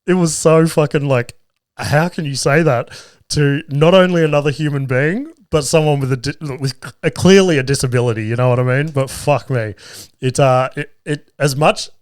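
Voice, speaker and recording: A man's voice: a little high, normal speed, dry recording. Australian guy in his thirties hosting a podcast, loose and sweary, chuckling through his stories, dry studio mic. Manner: sweary, laughs often while telling stories. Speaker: podcast host. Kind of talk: casual storytelling chat.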